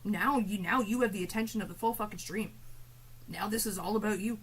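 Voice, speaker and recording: A woman's voice: medium pitch, a little fast, slightly rough, low-quality recording. A woman streamer ranting live at her chat, swearing and confrontational, with biting sarcasm.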